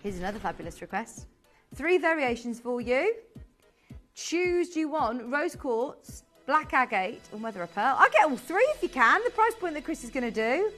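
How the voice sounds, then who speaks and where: A woman's voice: sits high, big pitch swings, fairly bright tone, faint music behind. Bubbly British shopping-channel presenter woman. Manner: bubbly, gushing, quick asides. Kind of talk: live TV sales presentation.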